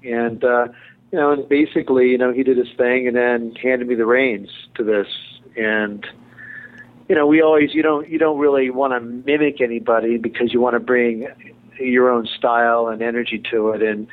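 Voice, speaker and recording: A man's voice: mid-range voice, steady tone, moderate pace. A middle-aged man, a television director, giving chatty, digressive interview answers with a joking streak. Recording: tinny phone-line audio.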